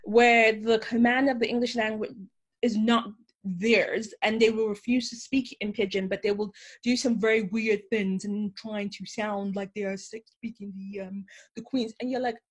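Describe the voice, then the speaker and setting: A woman hosting a podcast, talking in an animated, emphatic way. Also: medium pitch, normal speed. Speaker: podcast host. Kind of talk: casual conversation.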